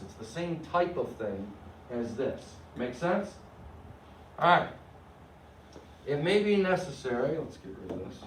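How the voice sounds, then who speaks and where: In an echoey classroom captured by a distant mic, a medium-voiced man lectures in Spanish class with slight background noise. He walks through grammar one step at a time, frequently making sure students are keeping up.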